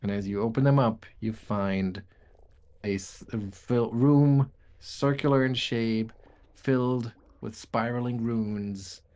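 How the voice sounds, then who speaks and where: A man narrating as game master of a tabletop game, describing rooms in a relaxed way with frequent fillers. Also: fairly low pitch.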